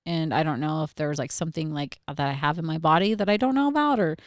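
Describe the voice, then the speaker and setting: A young woman co-hosting a relaxed podcast, her voice on the low side and smooth. She tells stories in a loose, chatty way, full of fillers and quick laughs. The sound is dry and close to the mic. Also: no echo. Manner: animated storyteller, laughs often, many fillers. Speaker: podcast co-host. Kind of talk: casual chat.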